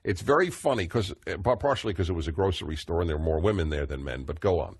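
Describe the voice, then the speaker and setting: A man's voice: deep voice, expressive, fast talker, husky, no echo. A man, hosting a call-in radio talk show, expansive and opinionated, chuckling now and then.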